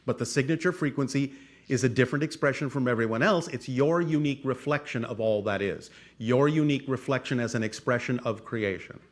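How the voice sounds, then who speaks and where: A man speaks in a formal, measured, channeled cadence, stacking repeated phrases and checking in with the listener. His pitch sits in a middle range, and his delivery stays steady and deliberate. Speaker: channeler answering audience questions. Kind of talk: channeled spiritual talk.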